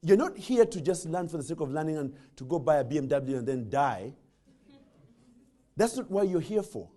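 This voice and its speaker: A man gives a motivational talk, his fairly high voice swinging widely as he tells a funny story. He jokes and restarts his phrases as he goes. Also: sing-song, moderate pace, warm tone. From Uganda. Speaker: guest speaker. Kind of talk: humorous motivational speech.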